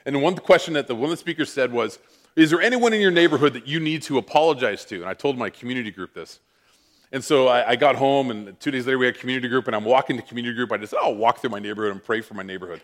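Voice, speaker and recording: A man preaching, telling a personal story with lively, self-mocking animation. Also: mid-range voice, racing. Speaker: pastor. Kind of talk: sermon storytelling.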